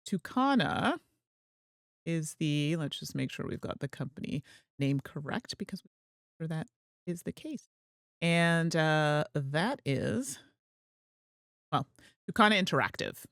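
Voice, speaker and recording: A woman's voice: low voice, measured pace, long pauses, a bit bright, no room sound, clean studio sound. A woman hosting a gameplay livestream, chatting in a rambling way and laughing easily. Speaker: host and streamer. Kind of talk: casual gameplay livestream chat.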